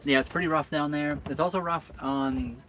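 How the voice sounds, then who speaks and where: A man's voice: a little high, fairly even intonation, moderate pace, fairly bright tone, a little hiss or hum. A man hosting a live stream from his sailboat, chatting casually and answering viewer comments. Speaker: boat vlog host.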